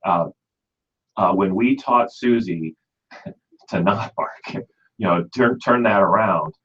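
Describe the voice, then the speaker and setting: A man's voice: lowish voice, takes it slowly, a bit bright, husky. A man with a Midwestern American accent hosting a pet radio show, chatting folksily and leaning on "you know.". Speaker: radio show host, pet store expert. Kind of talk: casual radio talk. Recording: dull lo-fi radio audio.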